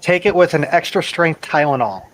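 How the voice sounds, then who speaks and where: A man's voice: on the high side, animated, normal speed, slight background noise, rough recording. A man in casual group chat on a livestream, talking bluntly and emphatically with easy swearing.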